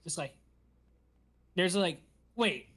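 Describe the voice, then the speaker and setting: Animated, high-voiced man recapping a show. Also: moderate pace. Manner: animated, giggly storytelling. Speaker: podcast host. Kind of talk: casual chat recapping a show.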